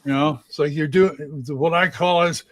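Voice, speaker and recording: A man's voice: a little high, steady tone, normal speed, dry recording. A man chatting casually on a live show, telling rambling stories about his stage acting with many restarts. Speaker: regular of a live chat show, stage actor. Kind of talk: casual chat.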